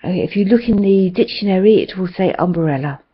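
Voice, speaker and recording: A woman's voice: mid-range voice, expressive, fast, slightly rough, highs cut off. A woman with a British accent teaching an online English class, patient and encouraging, asking her students one question after another.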